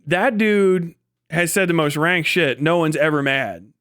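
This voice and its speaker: A man streaming live in a loose, rambling way, swearing freely and breaking into laughter. His voice sits a bit high for a man and sounds dry and close to the mic, with no room around it. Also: measured pace, a bit bright, clean tone, dry recording. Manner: rambling, profane, laughs often. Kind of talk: casual livestream commentary.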